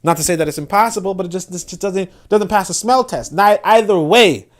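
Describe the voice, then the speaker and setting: High-voiced Brooklyn man, emphatic livestream host. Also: fairly quick. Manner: emphatic, repeats words when building a point; reads viewer comments aloud. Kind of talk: casual livestream commentary.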